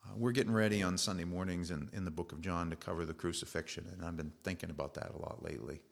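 A man's voice: low-pitched, steady tone, fast, creaky. A middle-aged man preaching a sermon as a pastor, in an earnest, conversational storytelling manner.

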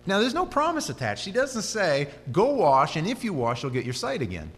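A man preaching a sermon, telling the story with animated, conversational storytelling that rises and drops. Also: a little high, normal speed, soft background music. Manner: animated storytelling, voice rising and dropping. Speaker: pastor. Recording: hall reverb with faint hum.

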